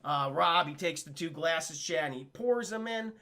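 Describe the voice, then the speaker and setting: A man's voice: a little high, lively intonation, normal speed, sharp tone. A young man retelling a film to his livestream chat in a rambling way, swearing and often calling out to chat. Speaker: film review streamer. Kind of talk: casual livestream film recap.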